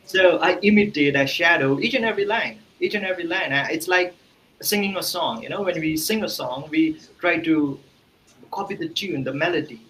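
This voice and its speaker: A man's voice: on the high side, moderate pace, a bit bright, slight background noise, poor audio. A man from India, a guest in an interview, explaining earnestly with examples and fillers. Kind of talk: casual interview talk.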